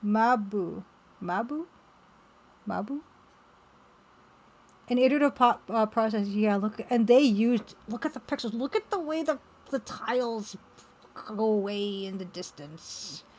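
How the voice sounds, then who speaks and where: A woman chatting casually on a live art stream while working, reading viewer messages aloud and reacting with excited exclamations. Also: a little high, a little slow, pauses often. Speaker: game developer streaming while drawing.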